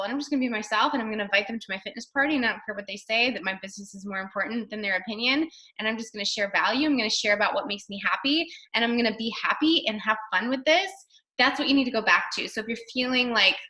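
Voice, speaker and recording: Upbeat woman coach chatting on a team video call, bright voice, a bit high. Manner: chatty, upbeat, lots of fillers and acted-out quotes. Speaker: fitness coach team leader. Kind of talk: casual team call pep talk.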